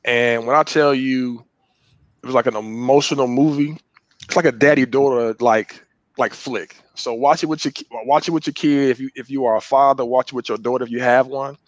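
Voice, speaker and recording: A man's voice: mid-range voice, fairly even intonation, brisk, dry recording. A man on a casual podcast, giving enthusiastic recommendations with slang. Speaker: podcast co-host. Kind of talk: casual chat among friends.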